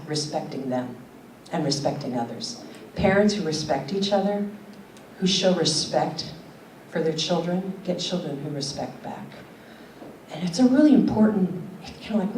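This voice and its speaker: An older woman gives a keynote in a conference hall, her fairly low, warm voice carrying earnest stories and questions. The hall audio is roomy and picked up from a distance, with slight background noise.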